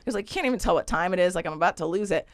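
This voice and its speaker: A woman on a podcast telling a wild personal story in a casual comedic way, animated and profane, slipping into other people's voices as she goes. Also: fairly low pitch, racing, no echo, studio quality.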